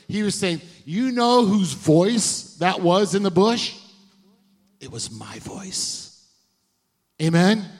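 A man preaching a sermon as pastor, often asking the congregation to answer back. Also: high-pitched. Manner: call-and-response preaching, asks the congregation questions. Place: church.

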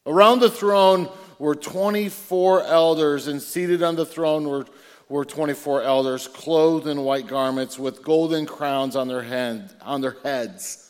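A man with a somewhat high voice reads scripture aloud to a congregation, slowly and deliberately. His words ring out with the long reverb of a large church hall. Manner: reads slowly and deliberately, breaking in with excited asides. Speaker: preacher. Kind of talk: scripture reading with sermon asides.

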